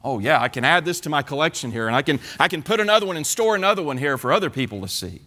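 A man preaching who voices a boastful, excited ancient king eagerly showing off his treasures, tripping over his words. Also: on the high side, very fast, exaggerated voice. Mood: pleading.

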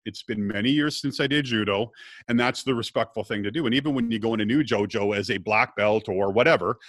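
A middle-aged man, appearing as a guest in casual conversation, tells a personal story in a lowish voice at a fairly quick clip. A lively storyteller, he acts out what other people said along the way, and the recording is dry.

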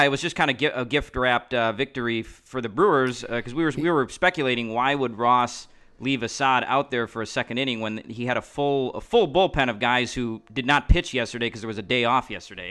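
A man's voice: medium pitch, a little fast, sharp tone, clean tone. A man co-hosting a podcast in casual chat, retelling stories and recapping plays. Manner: recaps game plays matter-of-factly. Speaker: podcast co-host.

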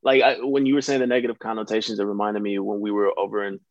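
A man's voice: on the low side, little pitch movement, racing, muffled recording, slight background noise. A young adult man from the United States, an actor talking casually as a guest, rambling and hesitant, with many restarts. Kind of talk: casual conversation.

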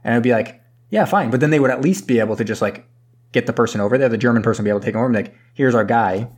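A man's voice: medium pitch, racing, darkish tone. Rambling man recapping a movie. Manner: rambling, acts out characters' lines, swears casually. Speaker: podcast co-host. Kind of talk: casual movie recap chat.

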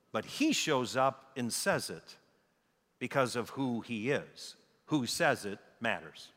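A middle-aged American man preaching a sermon as a pastor, emphatic, slowing down and repeating key phrases. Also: fairly high pitch, sharp tone. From United States. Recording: reverberant hall.

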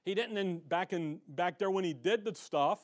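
A man preaching a sermon as a pastor, fervent and colloquial, his voice swelling as he gets excited. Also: sits high, moderate pace. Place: church.

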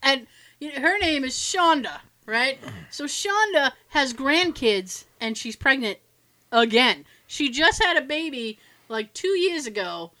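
A woman's voice: sits high, very animated, a little slow, pushed and bright. A young adult woman co-hosting a podcast, telling a work story in casual chat with frequent giggles. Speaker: podcast co-host.

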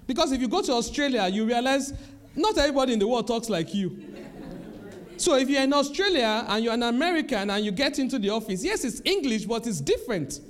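A man's voice: very high voice, very animated, brisk. A man preaching a sermon in church, emphatic and repetitive, speaking straight to the congregation.

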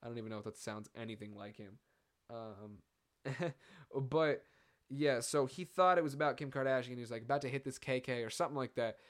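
A man's voice: mid-range voice, fairly quick. A young man hosting a casual solo podcast, rambling and profane with lots of fillers and asides. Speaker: podcast host.

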